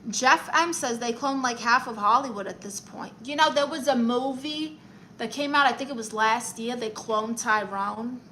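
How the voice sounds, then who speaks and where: Woman, New York accent, livestream host, sassy auntie manner, highish bright voice. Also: normal speed, a little hiss or hum. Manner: sassy, theatrical auntie, calls viewers honey and darlings. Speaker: livestream host giving advice. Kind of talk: casual livestream chat reading comments.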